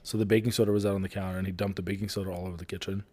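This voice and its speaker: A man's voice: sits low, level tone, racing, dark tone. A man chatting casually about his young kids, laid back and laughing often, with casual swearing.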